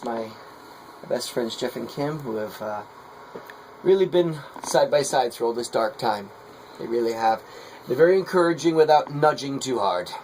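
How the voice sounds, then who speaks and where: A man's voice: medium pitch, vocal fry, darkish tone, poor audio. Middle-aged guy chatting while he works, folksy, rambly, faint ac hum behind. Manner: rambling, folksy, hesitant with fillers. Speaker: potter. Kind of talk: casual vlog talk while working.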